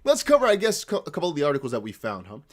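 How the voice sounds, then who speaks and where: A man's voice: on the high side, racing. A man from the Netherlands with a near-American accent, chatting casually and rambling to his livestream viewers as a crypto host. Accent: American-sounding English with slight Dutch traces. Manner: rambling, animated, talks to chat.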